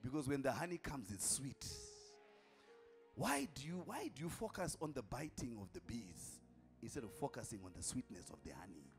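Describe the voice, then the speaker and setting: A man preaches a sermon with a very lively, swooping voice. He calls out to the crowd, repeats phrases for weight and sometimes shouts, with faint music playing behind him. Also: medium pitch, normal speed. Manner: emphatic, calls out to the congregation, repeats lines for effect, at times shouting. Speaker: apostle preaching.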